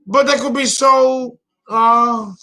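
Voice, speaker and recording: A man's voice: very high voice, steady tone, slow, sharp tone. A man in his fifties giving a theatrical, exclamatory solo astrology talk. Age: 50s. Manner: dramatic, exclamatory, laughing.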